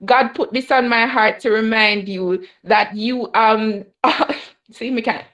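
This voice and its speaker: A woman's voice: a little high, slow pace, fairly bright tone. A young woman with a Jamaican accent, sharing an emotional personal testimony at a Bible study and mixing patois with English. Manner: mixes Jamaican patois with English, laughs often.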